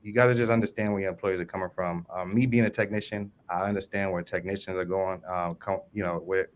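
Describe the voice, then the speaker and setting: Low-voiced man telling a story with restarts. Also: steady tone, quick pace, a little hiss or hum. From New Orleans. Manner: loose, repetitive, with many ums and restarts. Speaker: service manager panelist. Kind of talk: storytelling on a panel.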